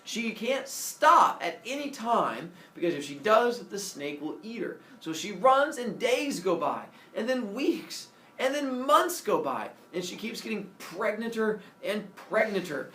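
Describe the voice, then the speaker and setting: A man's voice: high voice, measured pace. A man telling a Greek myth as a comic classroom lesson, doing silly voices for the characters. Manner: animated, does silly voices for each character. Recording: echoey room from far off, faint ambience.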